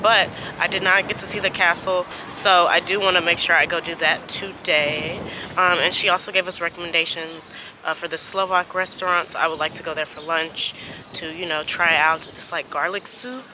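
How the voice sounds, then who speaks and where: A woman's voice: fairly low pitch, fairly even intonation, normal speed. A woman chatting casually to her camera outdoors in a windy city, rambling with lots of fillers. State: out of breath from climbing stairs. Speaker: travel vlogger. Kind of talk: casual vlog chat to camera. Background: music.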